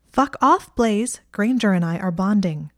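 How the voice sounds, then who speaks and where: A woman voicing a snide, sharp-tongued teenage witch girl in an audiobook reading. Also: on the low side, expressive, normal speed, dry recording, studio quality, close to an everyday voice. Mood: scornful.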